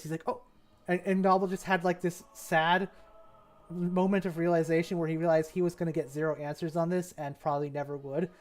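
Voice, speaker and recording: A young man rambles through a relaxed stream chat, laughing often and slipping into quick mimicry of others. His voice sits a little high, and soft music plays faintly underneath. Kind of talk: casual chat while mapping.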